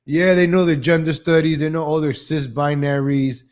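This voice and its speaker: This man's voice sits on the high side, with a steady tone, normal speed, few pauses and a darkish color. Hosting a live online show, he rants casually and sarcastically, often repeats his opening words, and mocks people in exaggerated voices. He comes across as opinionated and jumps from topic to topic.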